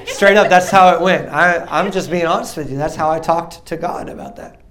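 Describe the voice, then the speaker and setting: Young male preacher in his twenties, animated testimony delivery, slightly raised pitch. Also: brisk. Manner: animated storytelling, acts out dialogue, laughs often. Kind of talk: testimony sermon.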